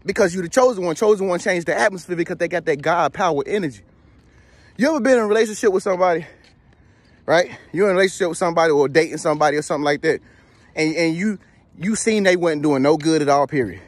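A man giving a casual motivational talk, animated and slangy, joking as he tells stories. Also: a little high, quick pace, husky, dry recording. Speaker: motivational vlogger.

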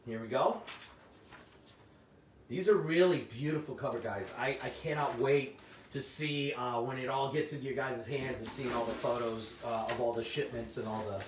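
A middle-aged man, slightly hoarse, hosting a comic shop livestream in casual, chatty talk and answering viewers' comments. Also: mid-range voice, moderate pace. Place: indoor room. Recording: roomy, distant mic, faint noise.

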